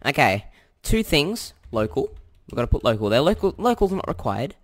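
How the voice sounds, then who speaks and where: A man's voice: medium pitch, very animated, normal speed. A young Australian man giving a casual coding tutorial, thinking aloud and correcting himself as he types. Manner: chatty and self-correcting, thinks aloud while typing. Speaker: tutorial host.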